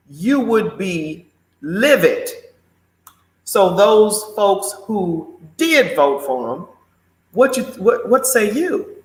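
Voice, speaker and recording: A man's voice: high-pitched, fairly bright tone. A man hosting a live morning show, giving outspoken commentary and answering viewer comments in an exclamatory way. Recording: roomy echo.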